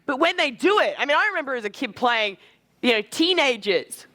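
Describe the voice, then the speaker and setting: A man coaching a live social skills seminar, energetic and casual, with quick asides and swearing. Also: very high-pitched.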